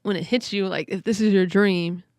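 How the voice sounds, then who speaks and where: A woman hosting a podcast, telling a story in casual chat, excitable and quick to laugh. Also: mid-range voice, dry recording, studio quality. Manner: excitable, laughs often, many "like" fillers. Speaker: podcast host.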